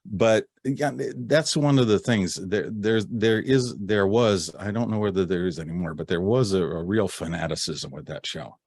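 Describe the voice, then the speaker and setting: Middle-aged guy, really deep voice, rambly backstage stories, dry close mic. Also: moderate pace, hardly any pauses, no echo. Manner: rambling, with restarts and warm laughs. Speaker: guest actor and narrator. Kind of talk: casual interview storytelling.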